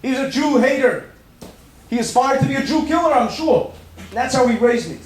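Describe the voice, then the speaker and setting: A man's voice: very high-pitched, lively intonation, normal speed, pitched above the performer's own voice. A man playing an earnest young guest who tells of his hard upbringing, speaking with indignation, inside a sermon story. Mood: indignant. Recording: echoey room with faint background noise.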